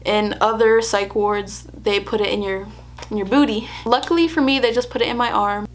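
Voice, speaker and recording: A woman's voice: medium pitch, steady tone, normal speed, a little hiss or hum. Young woman vlogging to camera, chatty, laughs a lot while telling her story. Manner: chatty, laughs often, acts out quotes.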